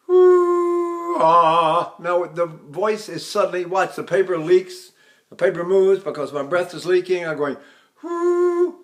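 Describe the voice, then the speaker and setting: An older man, a voice teacher, explaining singing technique with halting restarts and sung demonstrations. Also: a little high.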